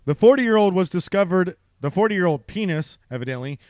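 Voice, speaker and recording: A man's voice: high-pitched, expressive, brisk, darkish tone, dry recording, clean studio sound. A man reading a news story aloud in casual chat, laughing often and mocking how the article is written. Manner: laughs often and breaks off to mock the article's writing. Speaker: podcast co-host.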